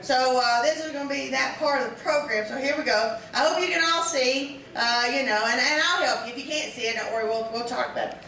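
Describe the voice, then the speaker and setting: A woman's voice: high voice, fairly quick, hardly any pauses, sharp tone. A middle-aged woman from Texas with a Texas accent, doing a stand-up comedy routine with a ranting, incredulous delivery. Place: large room with a live audience. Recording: echoey room, distant mic, audience noise.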